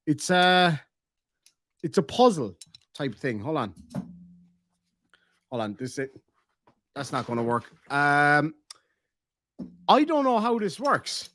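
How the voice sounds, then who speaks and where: An Irish man chatting casually on a live stream, reading out viewer messages in a rambling, excitable way that is full of swearing and restarts. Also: on the high side, slow, pauses often. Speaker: livestreamer reading viewer donations.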